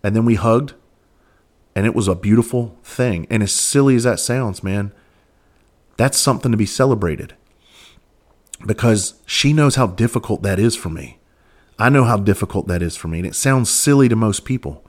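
A man's voice: on the low side, normal speed, pauses often. A man hosting a podcast, telling stories in a candid, earnest way and swearing freely. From Southern United States. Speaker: podcast host. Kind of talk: casual storytelling monologue.

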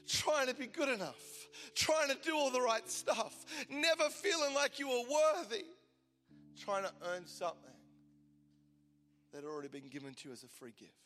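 Man, 40s, passionate preacher, high bright tone, hushed to loud, big church hall reverb. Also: sing-song, unhurried, pauses often. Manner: impassioned, swinging from loud declaration to hushed intimacy. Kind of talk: sermon. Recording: large hall reverb with soft music behind.

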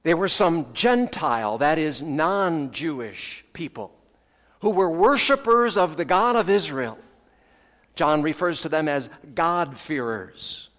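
A man's voice: a little high, animated. Preaching man in a reverberant sanctuary. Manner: earnest preaching with dramatic pauses, trailing off softly at phrase ends; folksy asides. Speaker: pastor. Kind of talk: sermon. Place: church sanctuary. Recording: long hall reverb, church sanctuary.

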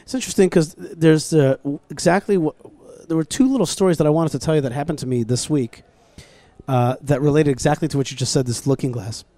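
A man hosting a talk show, telling stories in a casual, animated way with many restarts and quoted dialogue. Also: fairly high pitch, dry recording. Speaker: podcast host. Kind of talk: casual storytelling conversation. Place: outdoors at a plaza.

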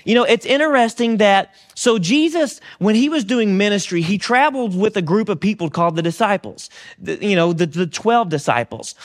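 A male pastor with a high voice delivers a sermon in a loose, conversational way. He fills his talk with "you know" and "like," and often restarts his sentences. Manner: conversational, relaxed with frequent fillers and restarts.

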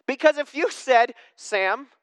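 A pastor giving a sermon in a conversational way, asking the congregation questions and swinging between emphatic preaching and hushed tones. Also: sits high, lively intonation, takes it slowly, smooth, no echo.

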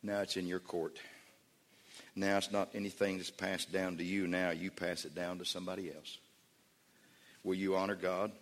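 A man's voice: deep voice, level tone, normal speed, pauses often. A man pastor preaching a sermon in a church, emphatic and repetitive. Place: church sanctuary. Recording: long church reverb.

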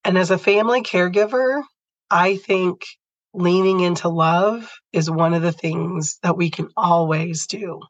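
A woman's voice: on the low side, no echo, poor audio. A woman podcast host telling a personal story in an earnest, heartfelt way.

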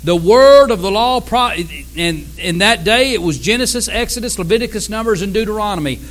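A man preaching a sermon as pastor, swinging from loud cries to hushed tones. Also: sits high, animated, brisk, poor audio. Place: church sanctuary.

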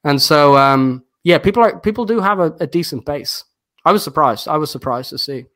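A man's voice: a little high, lively intonation, fairly quick, fairly bright tone. A man with a noticeable accent, a guest investor talking casually on a podcast in a rambling way, with many fillers and restarts. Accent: non-standard accent, noticed by viewers.

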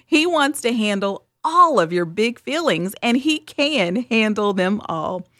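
A woman's voice: fairly high pitch, big pitch swings, measured pace, bright, forceful tone, no echo, studio quality. A woman hosting a spoken devotional, talking in an earnest, candid, conversational way. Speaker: devotional host.

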